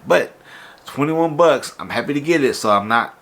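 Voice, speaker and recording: A man hosting a casual toy unboxing vlog, sounding stuffy and nasal from allergies, telling his story in an animated, exasperated way. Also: mid-range voice, normal speed. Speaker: toy collector vlogger.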